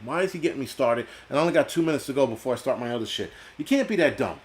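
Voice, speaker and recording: Brief: blunt, cursing stream host, middle-pitched, rambling rant. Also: male voice, rapid-fire. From United States. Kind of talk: ranting live-stream talk reading chat.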